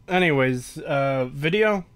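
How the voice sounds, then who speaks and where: A man hosting a casual stream chat, dry and measured, steering the talk along. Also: fairly high pitch, animated, fairly bright tone, smooth.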